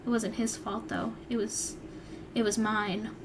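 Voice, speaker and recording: A woman's voice: mid-range voice, little pitch movement, measured pace, background noise. A young woman vlogger reading her old story aloud and breaking off for wry, chatty asides. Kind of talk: reading aloud with casual commentary.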